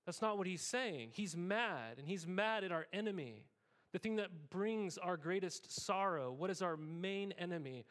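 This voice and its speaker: A man preaching a sermon as pastor, in a conversational, animated style with frequent asides to the congregation. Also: high voice, unhurried.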